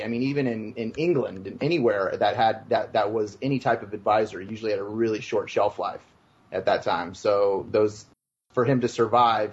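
A man with a lowish voice rambles through his points on a podcast, restarting sentences and throwing in jokes. The audio is dull and lo-fi. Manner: rambling, many restarts, jokey. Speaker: podcast co-host. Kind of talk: casual chat.

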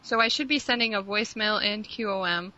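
A woman's voice: medium pitch, fairly quick, bright, forceful tone. A woman co-hosting a podcast in casual chat, reading out listener emails and laughing often at herself. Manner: laughs often, self-deprecating. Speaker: podcast co-host. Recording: dull lo-fi podcast audio.

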